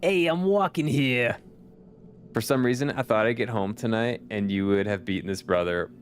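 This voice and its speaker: A man's voice: fairly low pitch, a little fast, slight background noise. A man streaming a video game, chatting casually with his viewers, laughing often and swearing now and then. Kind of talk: casual chat while gaming. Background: faint background music.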